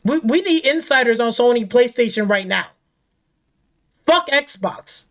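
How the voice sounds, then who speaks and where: A woman with a somewhat high voice rants off the cuff about games. She swears constantly, repeats phrases and keeps asking rhetorical questions in a heated tone. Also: lively intonation, a little slow. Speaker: gaming channel host. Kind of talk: angry off-the-cuff rant.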